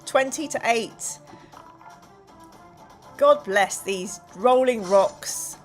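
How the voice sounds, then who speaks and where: Playful woman, high voice. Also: very slow, pauses often, soft background music. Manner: playful, exclamatory. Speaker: live stream host. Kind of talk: reading a gamebook aloud to a live chat.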